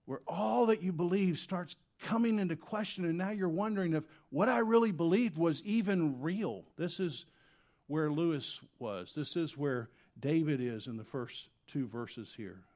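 Man, pastor, church sermon, slightly high voice, earnest, shifts between quiet and loud. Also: unhurried. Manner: earnest, swings from quiet to loud when voicing prayers.

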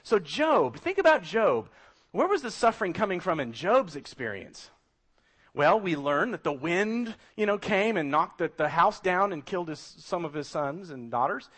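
A man's voice: on the high side, very animated, normal speed, fairly bright tone. A middle-aged man preaching a sermon as a pastor, emphatic and full of rhetorical questions.

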